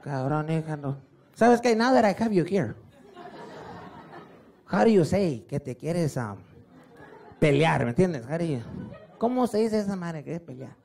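A man's voice: a little high, expressive, moderate pace, creaky, long pauses, darkish tone, pitched below the performer's own voice. A man voicing his short-tempered Mexican immigrant father, who mixes Spanish curses into broken English with a Mexican accent. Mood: demanding. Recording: live stage mic with crowd and noise.

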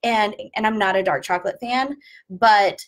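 A woman's voice: medium pitch, normal speed. A woman, a former flight attendant chatting casually through an unboxing review and sharing travel tips. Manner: chatty, jokey, explains tips.

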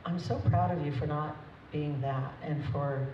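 A woman's voice: deep voice, steady tone, normal speed. A woman, the groom's mother, giving a chatty, emotional, unscripted wedding toast with frequent laughs. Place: wedding reception hall. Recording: echoey dull hall recording from far off, crowd noise.

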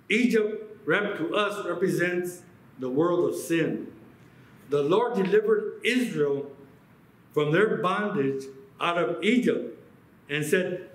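Man preaching, animated sermon, high-pitched, roomy church sound. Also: slow. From United States. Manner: animated preaching, quoting voices. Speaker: pastor.

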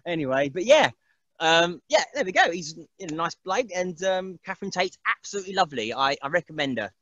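Rambling, bright-voiced man. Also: high-pitched, very animated, a little fast, dry recording, dull audio. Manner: rambling, laughs often, mimics voices. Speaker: interview guest. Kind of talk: casual chat.

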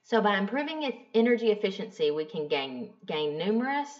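A young adult woman teacher talks through a lesson in a casual, chatty way and slips easily into storytelling. Her voice sits at a middle pitch. The recording sounds dull and lo-fi. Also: a little fast, recorded from a distance. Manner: chatty, animated storyteller acting out dialogue. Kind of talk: casual classroom lecture with storytelling.

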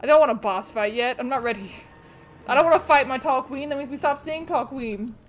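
A young woman streaming a horror game, jumpy and excitable, shrieking and swearing at the game as she plays. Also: sits high, brisk, slight background noise. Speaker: gaming streamer. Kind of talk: let's play commentary.

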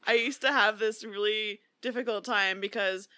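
A woman's voice: mid-range voice, fairly even intonation, moderate pace, bright, forceful tone, no echo, clean studio sound. A young woman co-hosting a podcast, talking candidly and giggling often in casual chat. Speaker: podcast co-host.

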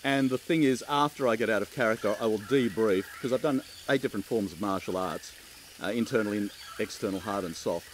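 A middle-aged man with an Australian accent, giving chatty, relaxed interview answers and laughing easily. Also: on the low side, a little fast, a little hiss or hum, rough recording. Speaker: keynote speaker.

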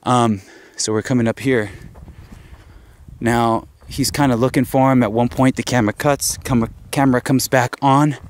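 A man's voice: mid-range voice, fairly even intonation, normal speed. A man hosting an outdoor walkthrough on a mountain trail, out of breath and pointing things out as he explains. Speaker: host, investigator. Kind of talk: casual on-site walkthrough.

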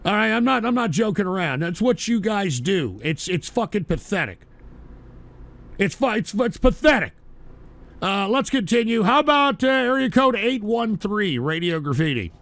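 Gravelly, crude ranting radio host man. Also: sits high, big pitch swings, moderate pace, a bit bright. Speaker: call-in radio show host. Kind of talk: profane ranting call-in radio.

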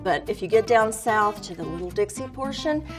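A woman explains regional speech in a documentary interview clip, speaking at a middling pitch. Guitar music plays clearly underneath her. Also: animated, normal speed. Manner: informative, describes regional speech.

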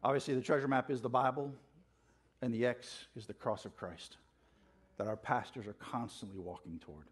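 A man delivers a church sermon with mounting passion. His voice carries a husky, slightly breathy grain at an ordinary middle pitch. He calls questions out to the congregation and drives his points home. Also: steady tone, moderate pace. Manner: passionate, fired-up preaching with call-and-response. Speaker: preacher. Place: church sanctuary.

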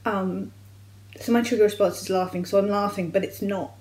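A young adult woman vlogger, from the United Kingdom, recounting a personal medical experience in a candid, halting way with frequent restarts. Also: mid-range voice, steady tone, darkish tone, rough recording. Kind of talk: personal storytelling vlog.

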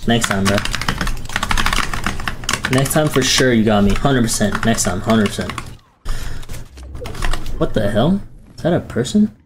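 A young man streaming a video game, chatting casually with viewers in slang and yelping high whenever the action heats up. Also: noisy background. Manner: excitable, jumps to high yelps, casual slang. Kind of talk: casual live-stream chat while gaming. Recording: loud keyboard clicks behind. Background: keyboard typing.

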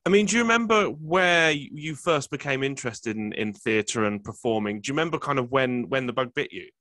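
A man's voice: mid-range voice, a little fast, bright, forceful tone, no echo. A man hosting an interview, asking eager questions and repeating words as he shapes them. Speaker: interviewer, host.

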